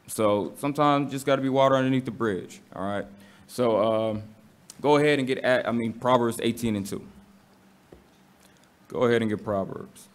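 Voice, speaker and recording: A man's voice: medium pitch, normal speed. A man with a casual, slangy manner, teaching a Bible study to a congregation and asking the room questions.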